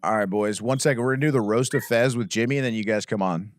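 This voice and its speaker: A man hosting a casual podcast roast, teasing a guest with lively, repetitive banter. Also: fairly low pitch, quick pace, no room sound. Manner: lively, teasing, laughs a lot, repeats himself. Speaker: podcast host.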